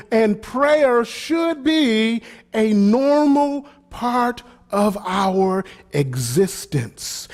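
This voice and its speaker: A man with a high voice preaching from the pulpit. He leans hard into key lines and circles back on his phrases as he builds his point. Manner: preaching with swelling emphasis and repeated phrases. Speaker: pastor. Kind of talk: sermon.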